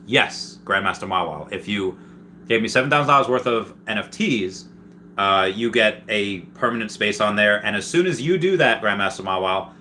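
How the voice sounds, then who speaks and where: A man with a low, bright, forceful voice chats excitedly on his livestream, rambling and restarting as he reads viewer comments. Faint noise hums behind him. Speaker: livestream host reading chat. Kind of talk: casual livestream chat.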